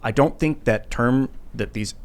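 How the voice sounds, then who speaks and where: A man's voice: medium pitch, a little slow. A man co-hosting a podcast, musing aloud and searching for the right words. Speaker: podcast co-host. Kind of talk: casual political chat.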